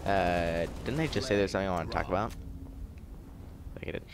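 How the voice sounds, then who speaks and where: A man's voice: deep voice, a little fast, noisy background. A teenage boy rambling in casual gameplay commentary, full of fillers and frustrated ranting. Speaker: gaming YouTuber.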